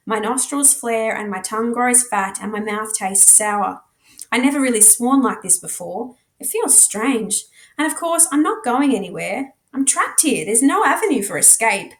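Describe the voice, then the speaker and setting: An Australian woman reads a novel aloud in a fairly high voice. She reads dramatically, shifting her pace and tone as the story moves. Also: expressive, unhurried, fairly bright tone. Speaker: teacher reading a novel aloud. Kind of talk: expressive read-aloud narration.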